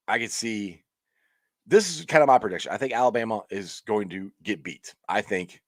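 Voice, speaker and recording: A man hosts a casual sports chat on a live stream and talks through the games in a rambling, excitable way. His pitch rises and falls a lot, and the recording is dry and close to the mic. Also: no echo. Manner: rambling and excitable, frequent restarts and laughs. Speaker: sports talk show host.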